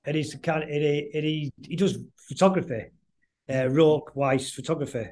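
A man's voice: fairly high pitch, a little mellow, a little hiss or hum. A middle-aged man, chatting as a guest musician in a casual interview, rambling and stopping to restart often. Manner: rambling, halting, many restarts.

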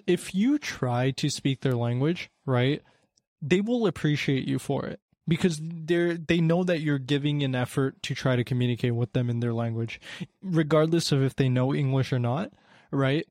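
A man's voice: fairly high pitch, expressive, moderate pace, a little mellow, no echo, clean studio sound. Rambling young man, casual chat. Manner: rambling, heavy with fillers.

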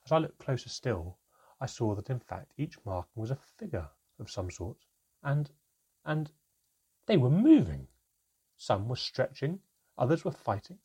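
A man reading a fantasy story aloud, slowing down for dramatic moments. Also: mid-range voice, creaky, darkish tone, breathy edge. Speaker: narrator. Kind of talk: scripted story narration.

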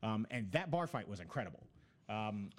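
A man's voice: lowish voice, very animated, moderate pace. A man in casual chat, telling long rambling stories about a video game with many fillers.

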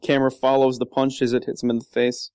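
Deadpan teasing man co-hosting. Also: mid-range voice, fast talker, smooth, no room sound, clean studio sound. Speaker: podcast co-host. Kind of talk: casual chat.

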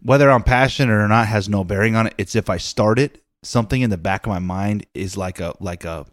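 Laid-back man with a lowish voice. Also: no room sound, clean studio sound. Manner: laid-back, halting, searching for words. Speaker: podcast co-host. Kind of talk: casual chat.

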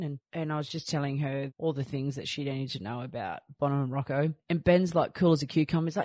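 A woman's voice: sits low, expressive, fast, hardly any pauses, a little mellow, no echo, studio quality. A woman in her thirties hosting a podcast, chatting and telling stories with rambling asides. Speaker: podcast host. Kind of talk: casual chat.

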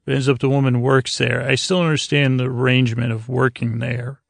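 Flat, gravelly man rambling a recap. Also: medium pitch, a little fast, no echo, clean studio sound. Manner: meandering, hesitant, full of fillers. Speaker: podcast host. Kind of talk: rambling episode recap for sleep.

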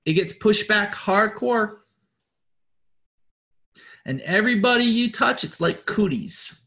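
A man's voice: high-pitched, slow pace, vocal fry, pushed and bright. A man hosting a spiritual pep talk, preaching bluntly, swearing often and repeating his words as he pushes on. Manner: repeats words and restarts sentences. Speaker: host.

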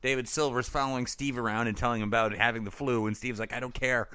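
A man's voice: mid-range voice, fairly even intonation, fast talker, sharp tone, clear, resonant tone, no echo. A man casually recapping a TV episode for a podcast, acting out characters' lines and laughing often. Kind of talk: casual comedic recap chat.

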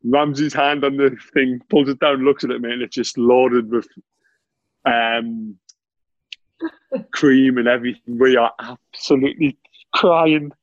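A man's voice: medium pitch, measured pace, pauses often, no echo, dull audio. A man, a former footballer telling laughing anecdotes in casual chat. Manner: laughing, animated anecdotes with lots of "mate".

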